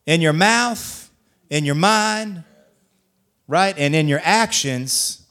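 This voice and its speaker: A male pastor preaching a sermon, reading scripture aloud in a measured cadence and driving points home with repeated rhetorical questions. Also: on the high side, pushed and bright.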